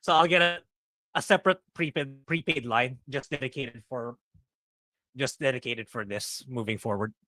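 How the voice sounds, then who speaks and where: This co-host's medium-pitched voice sounds pushed and bright, moving at a moderate pace with no echo. Chatting casually on a podcast over a video call with a lagging connection, he rambles, scoffs and leans heavily on fillers.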